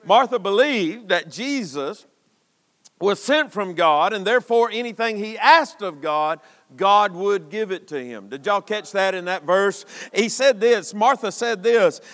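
A man preaching a sermon, building to shouted emphasis with long dramatic pauses. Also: sits high, expressive. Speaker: pastor. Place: church sanctuary. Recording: long reverb of a church hall.

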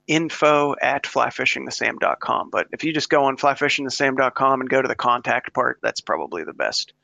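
A man answering interview questions as a guest, hesitant and full of pauses and restarts. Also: mid-range voice, creaky, pushed and bright, no echo. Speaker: guest author and fly angler.

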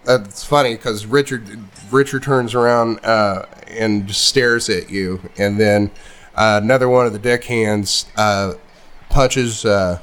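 A man's voice: on the low side, steady tone, slow, fairly bright tone, clean tone. A man narrating as game master of a tabletop game, casual and full of fillers.

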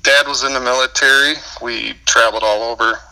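A man's voice: medium pitch, steady tone, brisk, gravelly, pushed and bright, low-quality recording. A man with a Minnesotan accent, a podcast guest telling his life story in easygoing casual chat, laughing often. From United States.

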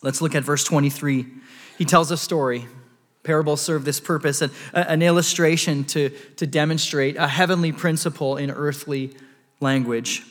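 A man's voice: on the high side, steady tone, moderate pace, long reverb tail. A pastor preaching a sermon, earnest, stumbling over words and restarting as he explains scripture.

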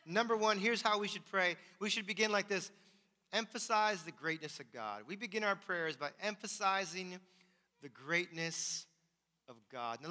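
A man's voice: high voice, sharp tone. A man preaching a sermon as pastor, emphatic and repeating his key phrases. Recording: long hall reverb.

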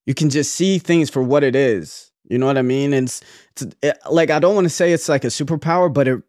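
A man's voice: mid-range voice, a little fast, a little mellow, no room sound, studio quality. A young man co-hosting a casual podcast chat, talking earnestly in long rambling runs with many restarts. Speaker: podcast co-host.

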